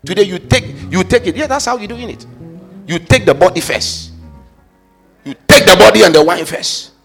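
A pastor preaching a fervent sermon, swinging between loud shouted calls and quiet asides, slipping into sung phrases. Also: male voice, high-pitched, animated, moderate pace, vocal fry, soft background music.

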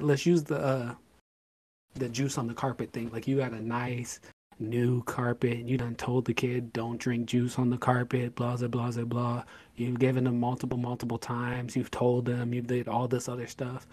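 A man's voice: medium pitch, flat delivery, normal speed, warm tone, dry recording. A man co-hosting a casual podcast chat, talking at length with worked examples and emphatic, acted-out bits of scolding. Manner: explains at length with hypothetical examples; emphatic, acts out scolding a child. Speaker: podcast co-host.

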